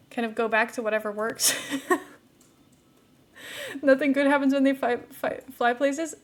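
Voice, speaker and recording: A young woman streamer chatting casually while playing a game, rambling with lots of "like" fillers and light laughs. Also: a little high.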